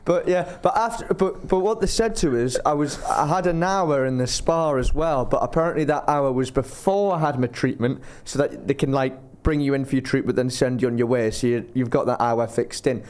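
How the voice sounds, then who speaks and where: A man's voice: medium pitch, brisk, hardly any pauses, a little mellow. A man telling casual stories as a podcast guest, rambling and self-interrupting and laughing as he talks. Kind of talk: casual storytelling.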